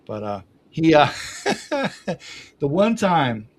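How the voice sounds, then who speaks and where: A man's voice: a little high, big pitch swings, slow pace. A man telling rambling family stories on a podcast, laughing often at himself. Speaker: podcast guest. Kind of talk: casual storytelling.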